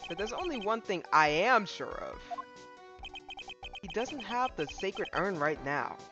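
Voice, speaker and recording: A woman's voice: mid-range voice, very animated, a little slow, dull audio, music in the background. A woman reading the lines of a young male defense attorney in a dry, wary way, close to her own voice.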